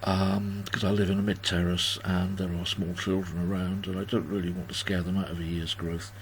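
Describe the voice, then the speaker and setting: A man in his sixties with a low voice and level tone hosts a livestream birthday party from home, talking a little fast. He chats casually, rambling and poking fun at himself as he reads viewers' comments aloud. There is slight background noise.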